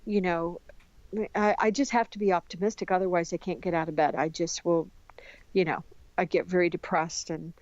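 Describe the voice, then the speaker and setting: Chatty American woman guest, mid-pitch, dry slightly lo-fi sound. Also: moderate pace, no echo. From United States. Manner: animated and talkative, many restarts. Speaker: podcast guest. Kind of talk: casual conversation.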